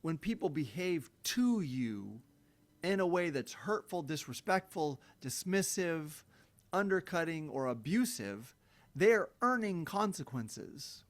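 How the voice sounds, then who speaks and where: A man's voice: fairly high pitch, very animated, slow. A middle-aged man giving a blunt, profane self-help monologue, breaking into heated emphatic rants. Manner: mocks others in sing-song quoted voices. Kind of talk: unscripted monologue.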